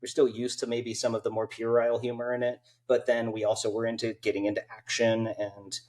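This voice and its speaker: A man's voice: medium pitch, monotone, fairly quick, a little mellow. A man co-hosting a comedy podcast, giving joking opinions in casual chat. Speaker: podcast co-host.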